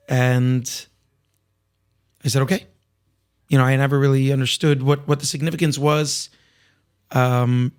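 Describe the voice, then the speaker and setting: A man with a slightly raspy voice, a singer talking candidly as a podcast guest, reflective and full of restarts. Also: medium pitch, a little mellow. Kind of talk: casual interview conversation.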